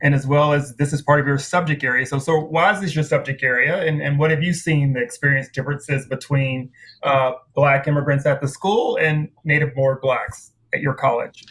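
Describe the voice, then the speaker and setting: A man who moderates the panel, asking a guest a question in a measured way with small stumbles. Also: a little high, fairly bright tone, poor audio. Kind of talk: interview questions.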